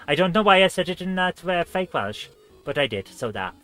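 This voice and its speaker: A man's voice: sits high, fairly bright tone. A man hosting a live retro gaming stream, chatting in a rambling, self-mocking way as he plays.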